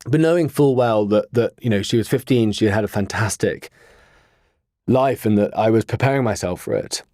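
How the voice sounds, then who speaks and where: Low-voiced man telling a rambling story. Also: warm tone, no room sound, clean studio sound. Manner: earnest, rambling, with many pauses and fillers. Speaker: podcast guest. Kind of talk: casual interview storytelling.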